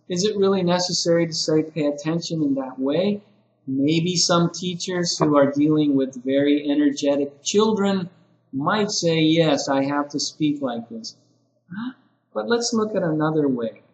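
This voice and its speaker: A man's voice: fairly high pitch, darkish tone. Man teaching in an echoey room. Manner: conversational, acts out sample teacher phrases. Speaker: ESL teacher trainer. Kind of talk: lecture-style teaching video.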